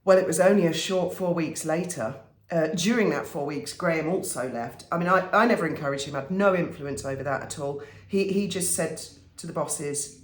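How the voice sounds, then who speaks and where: A woman vlogger telling stories to camera in a casual way, animated and wry, often exasperated. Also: low voice, normal speed, reverberant. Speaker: vlogger and commentator.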